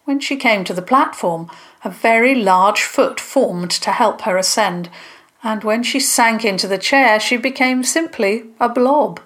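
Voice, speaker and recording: Slow, gentle woman storyteller. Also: fairly high pitch. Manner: gentle, unhurried narration. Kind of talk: children's storybook reading.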